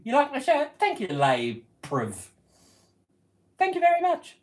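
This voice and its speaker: A man's voice: extremely high pitch, wildly swooping pitch, moderate pace, reverberant. A man hosting his own live stream, chatting casually with viewers in a playful, giggly way and breaking into bits of song.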